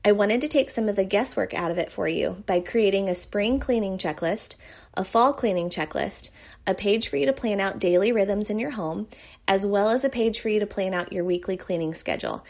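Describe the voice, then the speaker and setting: A woman reading a podcast announcement in a bright, upbeat way. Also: medium pitch, fairly quick, creaky, muffled recording. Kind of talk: read announcement.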